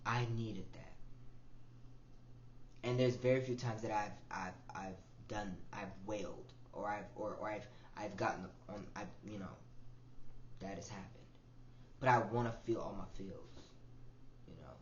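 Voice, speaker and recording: Young guy in his 20s talking about his feelings on a podcast, soft then suddenly loud, repeats himself a lot, echoey room, kinda dull lo-fi sound. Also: lowish voice, a little slow, pauses often, a little hiss or hum. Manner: emotional, repetitive, soft-spoken with sudden louder swells. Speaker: podcast host. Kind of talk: reflective personal monologue. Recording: roomy, dull lo-fi audio with faint ambience.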